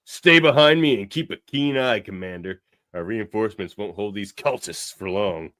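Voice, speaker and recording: A man's voice: lowish voice, slow pace, no echo, clean studio sound. A man voicing a huge, battle-loving male Klingon warrior who speaks boisterously, as in a comic read aloud. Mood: gleeful.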